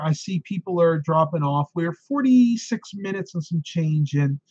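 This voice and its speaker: A man's voice: a little high, animated, normal speed, few pauses, a little mellow, husky, no room sound, dull audio. A man hosting a live stream, chatting casually and answering viewer questions, tired and losing his voice, with frequent ums and laughs.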